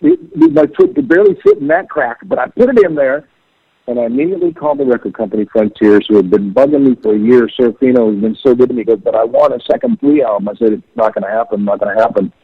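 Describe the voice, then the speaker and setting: A middle-aged man, a musician, telling stories in an animated way over a phone call and acting out the voices he quotes. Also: mid-range voice, quick pace, gravelly, breathy edge, no room sound. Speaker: musician guest. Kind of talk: storytelling interview over the phone. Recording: tinny phone line, dry.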